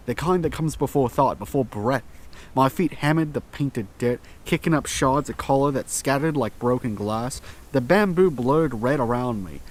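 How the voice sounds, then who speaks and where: A man narrates a first-person horror story in a mid-pitched voice. His reading is slow and tense, with dramatic pauses between phrases.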